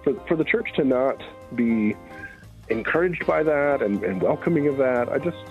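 A man speaking as a radio guest over a phone line, halting and thoughtful, with lots of restarts. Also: medium pitch, expressive, soft background music. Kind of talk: conversational commentary. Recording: muffled phone-line call.

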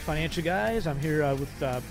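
A middle-aged man hosting a casual talk radio show, chatty and wry, quick with a joke. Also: a little high, creaky, over loud music.

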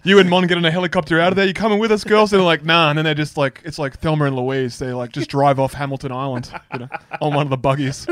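Joking Australian man, fairly high voice. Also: level tone, fairly bright tone, dry recording. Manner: joking, quick interjections, laughs. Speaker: podcast co-host. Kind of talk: casual chat, banter.

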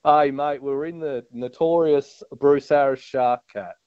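Speaking a little slowly, a Tasmanian guest angler with an Australian accent casually spins a broad fishing yarn and says "mate" often. His fairly high voice is steady, smooth and darkish, caught on a dull, dry lo-fi recording with no room sound.

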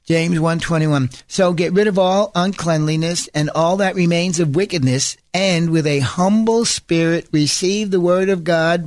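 A male preacher with a fairly high voice delivers a sermon emphatically, repeating phrases insistently to stress his points. He drifts into conversational asides and corrects himself mid-thought. The recording is dry and close, with no room sound or echo.

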